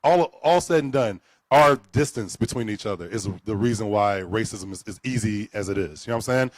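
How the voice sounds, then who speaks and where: Man, live stage storyteller, profane, animated, acts out dialogue, dry close sound, mid pitch. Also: no echo. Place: live event venue.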